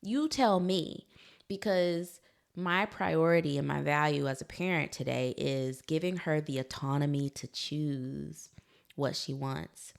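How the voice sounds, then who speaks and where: Low, gravelly woman podcast host. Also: fairly even intonation, a little slow. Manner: conversational, laughs easily, addresses listeners as y'all. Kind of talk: solo podcast talk.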